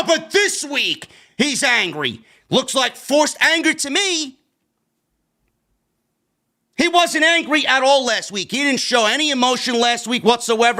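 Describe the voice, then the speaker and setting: A ranting man with a New York accent, his voice high and sharply bright as it leaps all over. He reviews a wrestling show in a profane, combative way, throwing in sarcastic jabs.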